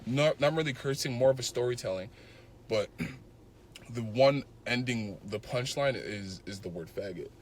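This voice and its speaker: A young man talks loosely on a homemade podcast, stumbling and restarting as he retells a story. His voice sits at an ordinary pitch for a man, with a faint hiss of background noise under it. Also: expressive, unhurried. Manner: rambling, restarts a lot, retells a joke with quoted voices. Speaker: podcast co-host. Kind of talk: casual chat.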